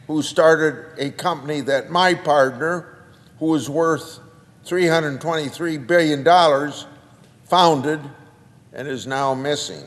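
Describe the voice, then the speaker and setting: Older man reading a slow speech in a large hall. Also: medium pitch. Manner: slow, halting delivery with restarts and careful quoting. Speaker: senator giving a floor speech. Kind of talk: prepared speech read aloud. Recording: long reverb of a large chamber.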